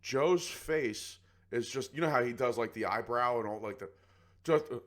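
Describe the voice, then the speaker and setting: A man's voice: medium pitch, moderate pace, fairly bright tone. A man co-hosting a podcast, telling a story in casual chat and acting out other people's voices. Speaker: podcast co-host.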